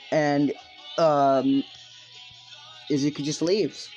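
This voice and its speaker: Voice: mid-range voice, normal speed, pauses often, darkish tone. A narrator improvising a fan story in a rambling, casual way, full of fillers and swearing, with faint music behind.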